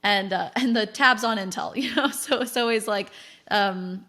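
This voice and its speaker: A woman's voice: mid-range voice, moderate pace. Chatty American woman telling her story. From United States. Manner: chatty, animated, frequent fillers and laughs. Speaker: podcast guest. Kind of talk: candid interview storytelling.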